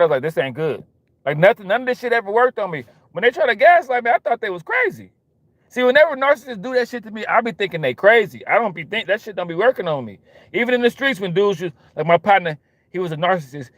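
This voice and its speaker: A young man talking casually in an animated, repetitive way, full of street slang. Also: fairly high pitch, dry recording. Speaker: host. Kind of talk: casual monologue.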